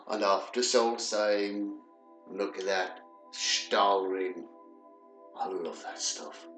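A man hosting a let's play, commenting on the game in a jokey, animated way with frequent exclamations. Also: lowish voice, slow, roomy sound, faint music behind. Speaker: gaming host.

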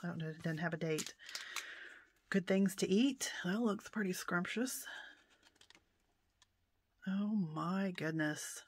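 A woman chatting through an unboxing of her mail haul, softly spoken, often exclaiming in delight and sometimes slipping into a whisper. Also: lowish voice, takes it slowly, long pauses, a little hiss or hum. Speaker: vlogger showing a mail haul. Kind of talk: casual unboxing chat.

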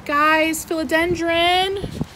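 A young adult woman squeals and gushes happily while unboxing plants for an outdoor vlog, with wind noise hitting her mic and poor overall audio. She has a very high, sharp voice with fairly even intonation, drawing out her words.

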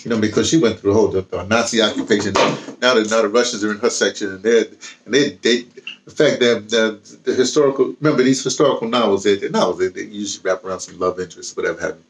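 A man with a low voice talks casually about novels he has been reading. He rambles and restarts his sentences often. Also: quick pace, slight background noise. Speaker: vlogger. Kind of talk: casual book talk with reading aloud.

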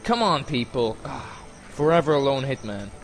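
A man giving casual, rambling gameplay commentary, joking along and bursting into panicked yelling now and then. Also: medium pitch, sing-song, moderate pace.

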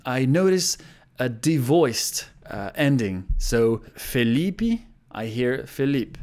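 A man's voice: mid-range voice, darkish tone. Chatty man reviewing a language app. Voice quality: chatty, amused, repeats phrases to study them. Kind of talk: casual explanatory review.

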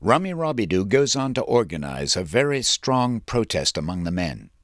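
A man's voice: on the low side, sing-song, moderate pace, no room sound, studio quality. A man narrating a documentary program in a plain storytelling summary.

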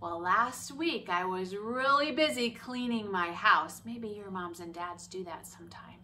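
A woman teaching young children about feelings in a slow, gentle voice, sometimes whispering, and leading a sing-along. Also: medium pitch, distant mic, a little hiss or hum. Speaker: special education teacher. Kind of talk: children's lesson.

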